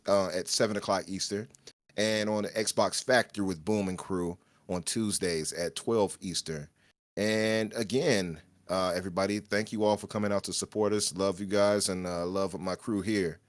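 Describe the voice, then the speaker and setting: A man co-hosting a casual gaming podcast, signing off in a relaxed, chatty way. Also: low-pitched, moderate pace, no echo, clean studio sound. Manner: relaxed, chatty sign-off with laughs. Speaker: podcast co-host.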